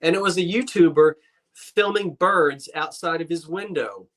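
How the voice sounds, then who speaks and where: A man's voice: on the high side, moderate pace, a bit bright. A man co-hosting a casual live-stream chat, teasing playfully and telling stories. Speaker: co-host.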